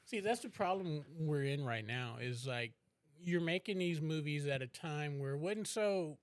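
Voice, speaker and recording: Podcast co-host, male, fairly high voice, loose rambling delivery with plenty of swearing. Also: animated, normal speed, smooth, dry recording. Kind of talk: casual chat.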